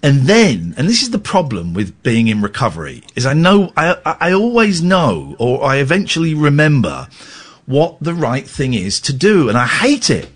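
A middle-aged Englishman hosts a radio phone-in, speaking into a studio microphone. His voice is slightly husky and his pitch rises and falls a lot as he tells a candid, self-deprecating story. He stammers and restarts as he goes. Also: big pitch swings, normal speed. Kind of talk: candid talk-radio monologue.

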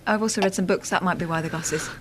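A woman's voice: lowish voice, steady tone, fast, crowd noise. A young woman co-hosting a radio show, playfully arguing and giggling in casual chat. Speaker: co-host.

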